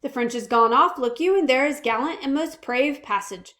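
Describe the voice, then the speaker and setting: Reading aloud, a woman voices a fussy Welsh army captain who's a stickler for discipline, delivering it in an earnest, emphatic way while admitting her accent attempt is weak. She pitches her voice high, above her own, with a fairly bright tone at a moderate pace.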